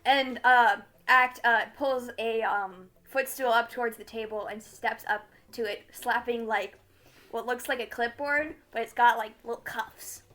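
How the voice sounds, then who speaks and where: A woman narrating as game master of a tabletop game, halting with many fillers. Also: a little high, fairly even intonation, bright, forceful tone. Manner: halting, many fillers, laughs at own jokes.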